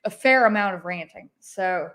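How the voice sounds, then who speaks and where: A woman's voice: mid-range voice, moderate pace, pushed and bright. A woman co-hosting a casual livestream with a dry, teasing manner. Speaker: co-host.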